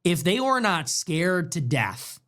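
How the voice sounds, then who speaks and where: Speaking slowly in a high, sharp-toned, sing-song voice, a man hosts a political livestream. His monologue commentary comes across as commanding and emphatic, with a lot of repetition.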